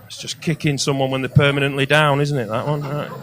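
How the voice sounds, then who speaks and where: A male stand-up comedian telling crude stories, loud and sweary, building to shouts. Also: medium pitch, level tone, fast talker, background noise.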